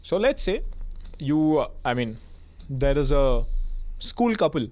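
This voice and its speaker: A young man, judging a comedy audition and explaining things in a rambling, halting way with many restarts. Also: mid-range voice, sing-song, darkish tone. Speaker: audition judge. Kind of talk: casual comedy chat.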